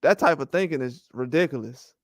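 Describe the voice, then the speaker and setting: A man's voice: mid-range voice, a little fast, no room sound, studio quality. A man hosting a boxing channel, giving casual, rambling commentary and trash talk. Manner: animated, rambling trash talk with frequent laughs.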